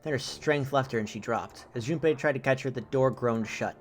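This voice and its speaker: A man's voice: mid-range voice, brisk, soft background music. A man streamer reading a visual novel aloud, breaking in with casual joking asides.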